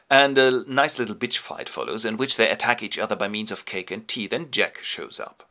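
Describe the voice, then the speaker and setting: A man's voice: fairly low pitch, lively intonation, normal speed, creaky, few pauses, sharp tone. A man narrating a comedic literary summary in a playful, theatrical manner.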